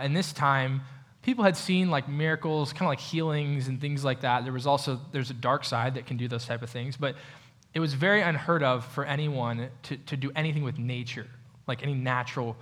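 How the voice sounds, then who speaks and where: A man's voice: medium pitch, a bit bright. Conversational man preaching. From United States. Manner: conversational, asks the audience questions. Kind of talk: sermon. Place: church hall with a projector.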